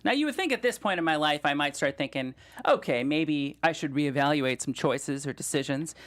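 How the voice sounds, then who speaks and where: A man's voice: on the high side, animated, brisk, a bit bright. A man in his thirties telling a funny story as a guest, rambling with lots of fillers and mocking himself. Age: 30s. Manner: rambling and self-deprecating, with many fillers. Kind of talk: comedic storytelling.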